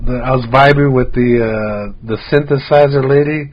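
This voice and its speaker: A man from Arizona, a podcast guest, telling animated stories in casual chat, swearing a lot and acting out quotes. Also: medium pitch, normal speed. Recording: dull lo-fi sound with faint hiss.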